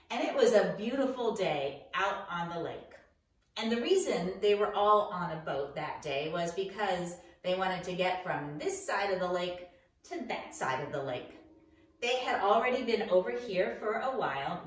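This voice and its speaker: A woman church school teacher telling a Bible story to children in a playful, animated, dramatic way. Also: medium pitch. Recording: very echoey room, far from the mic.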